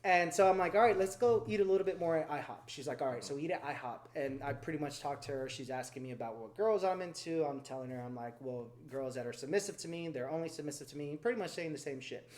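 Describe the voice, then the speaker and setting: A man's voice: a little high, fast, hardly any pauses, darkish tone. A man in his twenties hosting a podcast, telling blunt, profane stories in casual chat. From Mexican heritage, US. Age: 20s. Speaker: podcast host.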